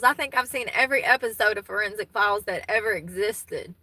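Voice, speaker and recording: With few pauses and a fairly quick pace, a Southern woman in her thirties chats casually with live viewers, folksy and easily laughing. Her medium-pitched voice sounds pushed and bright. The audio is poor but has no echo.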